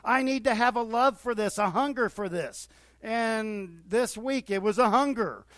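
A middle-aged man preaching a sermon in an easy, talk-to-you way, his fairly high voice climbing with bursts of excitement. The sound is dry and close, with no room around it. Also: a little slow, no room sound. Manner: conversational preaching with rising bursts of enthusiasm. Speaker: pastor.

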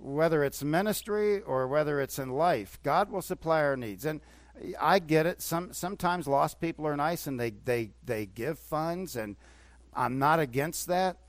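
A man preaching a sermon, moving between emphatic bursts and quieter asides. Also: a little high, unhurried, dry recording. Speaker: pastor.

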